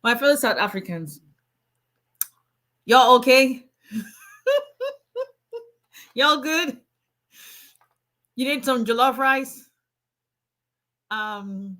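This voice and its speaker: Woman attorney, chatty livestream host, bright tone, laughs easily with her viewers. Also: fairly high pitch, lively intonation, drawn-out words, long pauses. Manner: chatty and playful, laughs often, greets viewers by name. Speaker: immigration attorney. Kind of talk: casual livestream chat with viewers.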